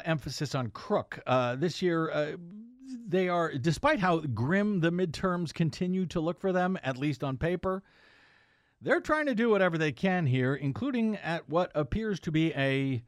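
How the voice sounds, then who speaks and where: A man hosting an opinionated political news commentary show, sarcastic and halting, with frequent "uh" fillers. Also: fairly high pitch, dry recording, studio quality.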